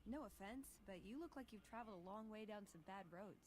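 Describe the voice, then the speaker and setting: A woman's voice: medium pitch, quick pace, slight background noise, natural voice. An actress voicing a chatty, wry young woman companion in a video game.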